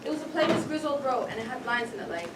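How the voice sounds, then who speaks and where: Woman narrating a school play story, high voice, wry and dramatic, echoey stage from far with loud noise. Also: expressive, fast talker. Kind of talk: stage narration in second person.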